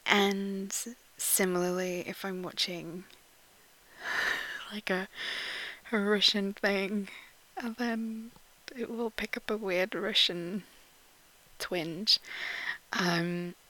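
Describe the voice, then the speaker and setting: A woman from Yorkshire with a posh English accent, chatting in a casual audio post and reading out word lists, often dropping to a soft whisper and giggling between words. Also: medium pitch, fairly even intonation, extremely slow, pauses often, poor audio. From Yorkshire, England. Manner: giggly, with frequent ums.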